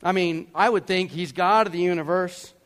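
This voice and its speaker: A man from Georgia, preaching a sermon as a pastor, telling a story with animated acted-out voices. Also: high-pitched, moderate pace. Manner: animated, acts out voices and yells for effect.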